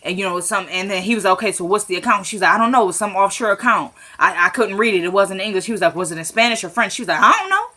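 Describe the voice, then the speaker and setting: A woman casually recapping a TV episode, acting out the characters' lines with quick asides. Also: medium pitch. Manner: animated, quotes characters, quick asides and laughs.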